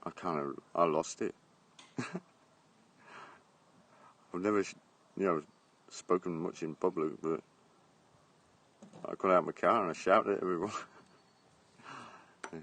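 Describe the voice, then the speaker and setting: A man's voice: low voice, a little slow, pauses often, fairly bright tone. A middle-aged man from England chatting bluntly on a live stream from his garden, phone held at arm's length, laughing often and swearing. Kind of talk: casual live-stream chat. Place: outdoors in a garden.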